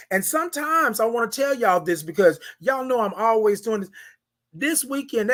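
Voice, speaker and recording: On a morning show, a man with a high, fairly bright voice preaches motivation in a casual, slangy way. He hypes his audience, speaks straight to listeners by name, and repeats lines for emphasis.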